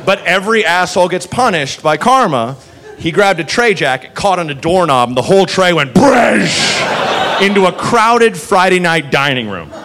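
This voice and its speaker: A man doing stand-up storytelling, animated and profane, acting out the people in his story. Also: high voice, moderate pace. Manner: animated, profane, acts out characters. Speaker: stand-up comedian. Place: comedy club with live audience. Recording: live club recording with crowd noise.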